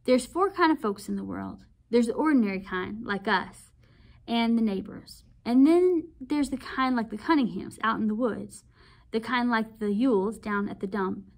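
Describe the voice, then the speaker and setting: An earnest teenage boy talks his little sister round in a coaxing way, as a woman reads him aloud. His voice stays light and fairly high. It is a storybook read-aloud. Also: normal speed, vocal fry. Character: earnest teenage boy, protective older brother.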